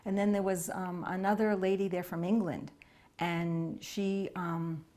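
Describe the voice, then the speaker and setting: A woman reminiscing in an interview, telling anecdotes in a lively storytelling manner. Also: lowish voice, measured pace. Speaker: devotee recalling memories.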